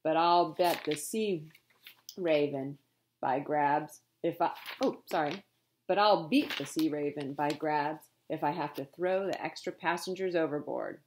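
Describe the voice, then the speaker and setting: A burly sea captain with a temper, growling and roaring his lines, as a woman reading aloud puts him on. The voice sits low and rumbles with storybook bluster. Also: unhurried, darkish tone, slight background noise. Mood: grumbling.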